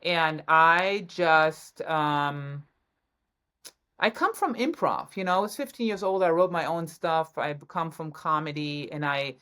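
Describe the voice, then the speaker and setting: A woman from Germany, a guest actress talking excitedly about her career in a casual interview, with frequent restarts. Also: deep voice.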